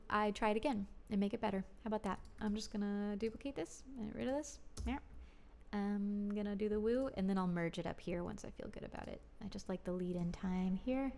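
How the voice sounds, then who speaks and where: A woman's voice: mid-range voice, normal speed, vocal fry. A woman musician talking to herself and her viewers while building a song in a studio livestream. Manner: talks to herself, soft and musing. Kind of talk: casual talk while making music. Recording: roomy with long reverb, music behind. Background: music playing.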